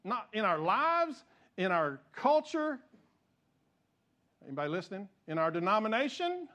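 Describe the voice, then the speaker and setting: A man's voice: big pitch swings, moderate pace, pushed and bright, lo-fi sound. Fired-up man preaching a sermon. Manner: impassioned, gets fired up and rises in pitch; repeats and restarts phrases. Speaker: pastor. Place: church sanctuary.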